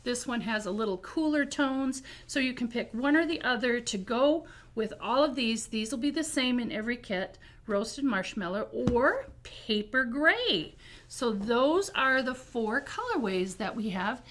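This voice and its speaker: A woman's voice: on the high side, lively intonation, measured pace, a bit bright. A middle-aged woman co-hosting a quilt shop video, chatting enthusiastically about fabrics with frequent ums. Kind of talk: casual product presentation.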